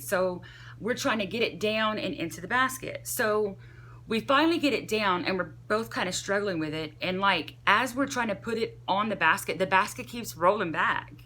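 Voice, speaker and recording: A young woman vlogger telling a casual, rambling story, animated and full of "like" fillers. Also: medium pitch.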